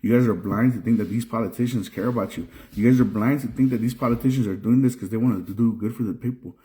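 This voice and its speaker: A man's voice: mid-range voice, fast, warm tone. A young man from Mexico, a trucker, ranting casually to camera in a frustrated way, repeating and restarting phrases. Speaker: trucker and video creator. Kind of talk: casual vlog rant.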